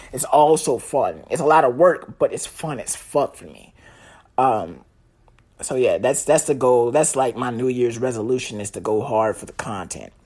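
A man's voice: medium pitch, a little mellow. A young man hosting his own podcast, ranting casually in a rambling, profane way. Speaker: podcast host. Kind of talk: solo podcast rant.

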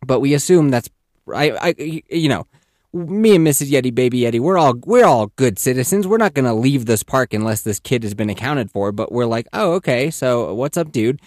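A man in his thirties telling a casual, animated story as a podcast host, swearing freely and acting out voices. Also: mid-range voice, a little fast, no room sound, clean studio sound.

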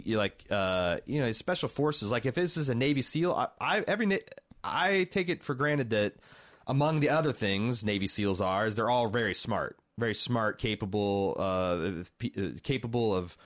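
A man co-hosting a podcast, reviewing a film in casual, wry, emphatic chat. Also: medium pitch. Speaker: podcast co-host.

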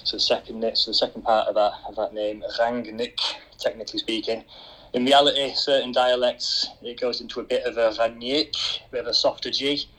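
A man's voice: medium pitch, fairly even intonation, fast talker, bright, forceful tone, rough recording. A football journalist calls in to a podcast by phone. He explains things patiently and sounds amused.

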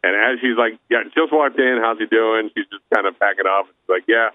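A man co-hosting a podcast, telling lively anecdotes and laughing along. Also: on the low side, a little fast, dry recording, phone-quality sound. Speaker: podcast co-host. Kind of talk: casual podcast banter.

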